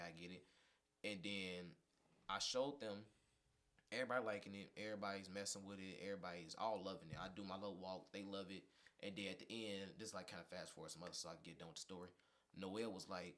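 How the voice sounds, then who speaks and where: A man's voice: low voice, fast talker. A young man from Indiana, a fashion designer guest on a podcast, telling a story casually and acting out the dialogue of the people in it. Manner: animated storyteller, acts out quoted dialogue.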